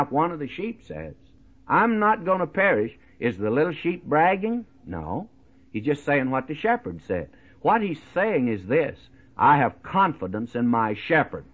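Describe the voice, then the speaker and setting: Middle-aged guy giving a radio sermon, chatty, lots of uh's, tinny old broadcast audio. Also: medium pitch. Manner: folksy, conversational preaching with many "uh"s and "my friend". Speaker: radio Bible teacher.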